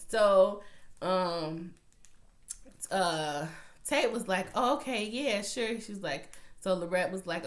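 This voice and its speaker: A woman's voice: medium pitch, measured pace. Woman giving a casual, profane TV recap. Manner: animated, profane retelling, acting out character quotes. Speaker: TV recap host.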